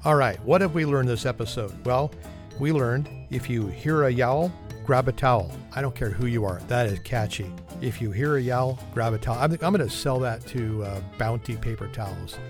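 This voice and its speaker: A man's voice: mid-range voice, normal speed, music in the background. A man hosting a podcast and delivering a humorous monologue in a wry, self-deprecating, conversational manner. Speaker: podcast host.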